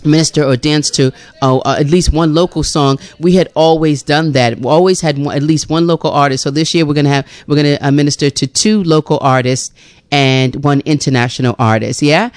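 Smooth-voiced effusive woman radio host. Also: low voice, brisk, dry recording. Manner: warm, effusive, laughing often. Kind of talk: radio talk show chat.

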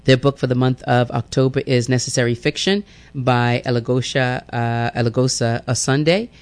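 A man hosting a radio show, reading announcements and giving a lively devotional that repeats phrases and calls listeners family. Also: medium pitch, moderate pace, smooth. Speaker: radio host.

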